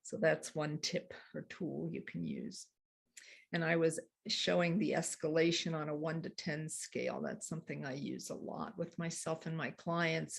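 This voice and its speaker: A woman coaching couples on handling conflict, explaining earnestly with soft laughs. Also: sits low, vocal fry, slightly rough. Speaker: relationship coach. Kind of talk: teaching a couples workshop talk.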